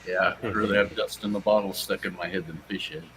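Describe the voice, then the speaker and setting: A man's voice: low voice, steady tone, fast talker, fairly bright tone, slight background noise, rough recording. A man in a casual chat, easygoing and telling little anecdotes.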